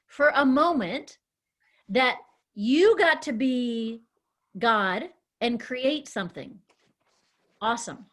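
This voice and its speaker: A woman leading a children's Bible lesson, animated and encouraging, calling on the children by name. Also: high-pitched. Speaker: children's ministry teacher.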